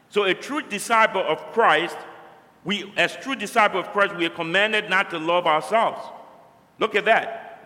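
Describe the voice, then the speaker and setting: A man's voice: on the high side, sharp tone, long reverb tail. A man preaching a sermon, emphatic and fond of repeating key phrases for stress.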